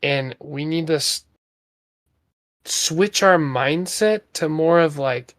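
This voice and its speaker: A man's voice: a little high, takes it slowly, a bit bright. A man in his thirties co-hosting a podcast, talking in an earnest, rambling way with lots of fillers. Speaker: podcast co-host. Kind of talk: casual motivational talk.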